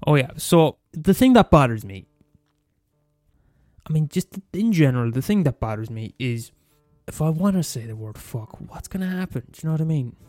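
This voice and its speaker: Irish guy, young, fast mumbly rant, higher voice, dry close sound, faint guitar behind. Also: big pitch swings, mellow, dry recording. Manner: profane, ranting, fast and mumbly. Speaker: podcast host. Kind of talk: casual solo rant.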